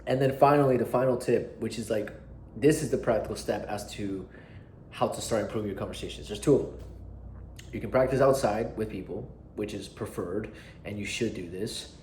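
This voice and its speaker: A young man coaching viewers on how to talk to people, casual, emphatic and loose with his swearing. His voice sits a bit low and warm. The room is echoey, with a faint hum of ambience behind him. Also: fairly quick. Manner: emphatic, casual, swears freely, says "right?" often; uses his hands and body while talking. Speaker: dating and social skills coach. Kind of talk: direct-to-camera advice talk.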